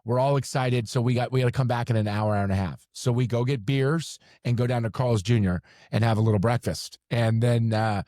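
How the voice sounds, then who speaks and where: A man recounting a shared memory in relaxed, loose podcast chat. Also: mid-range voice, fairly quick, few pauses, no room sound, clean studio sound. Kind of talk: casual storytelling chat.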